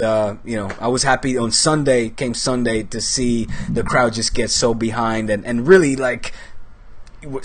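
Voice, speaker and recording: A man in his thirties from the Netherlands, hosting a football show in casual, rambling chat full of fillers and swearing, with a cold. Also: medium pitch. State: has a cold.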